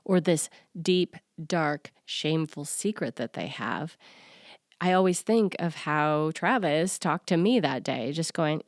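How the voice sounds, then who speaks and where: A woman in her forties, a self-worth coach, talking to listeners in an earnest, confiding way with soft laughs. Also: low-pitched, animated, slow, no room sound, studio quality. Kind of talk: personal solo podcast talk.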